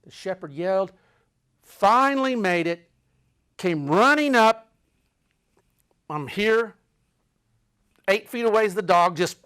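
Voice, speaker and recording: A man with a slightly higher voice recounts a tense story from the road. He builds suspense by repeating phrases, then drops into quiet, breathy asides. His telling is dramatic and personal. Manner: dramatic, swings between loud urgency and hushed low tones. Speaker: podcast host telling a travel story.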